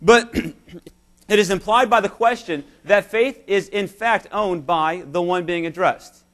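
A man with a notably high voice delivers a church sermon. He preaches emphatically and illustrates his points with stories told straight to the congregation. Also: takes it slowly, a bit bright. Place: church service.

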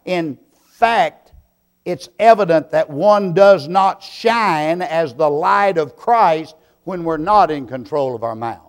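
Male preacher, slightly raised pitch, unhurried delivery that rises to forceful emphasis. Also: lively intonation. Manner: slow deliberate preaching with sudden loud emphatic swells. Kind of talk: sermon.

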